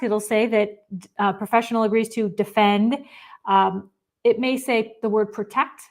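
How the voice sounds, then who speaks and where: A woman presents a professional webinar over what sounds like a desk microphone on a video call. Her voice sits a little high for a woman. She explains points emphatically and slips into quick acted-out client quotes. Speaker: risk management presenter.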